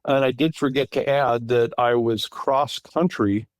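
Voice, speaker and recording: Speaking over a remote call, a guest witness, a middle-aged man from California, rambles through an account of an encounter, full of restarts and fillers. It's casual interview storytelling, delivered at a measured pace in a steady, medium-pitched voice.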